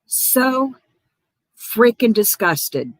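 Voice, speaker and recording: Extremely slow yet very animated, a woman with a slightly high voice hosts her livestream and furiously calls people out by name, swearing throughout. No echo is present.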